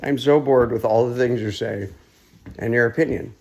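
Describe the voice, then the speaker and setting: A man's voice: mid-range voice, normal speed, darkish tone, highs cut off, lightly acted. A man doing a blissed-out female house cat, drowsy and thoroughly unimpressed. She talks in a dry, bored drawl. A faint hiss of noise sits under the voice.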